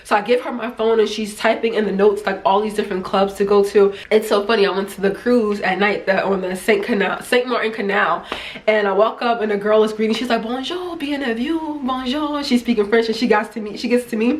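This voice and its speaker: A middle-aged American woman from New Jersey vlogs about travel, chatting casually to the camera in an animated way and acting out the voices of people she met. She speaks quickly at a medium pitch, with slight background noise.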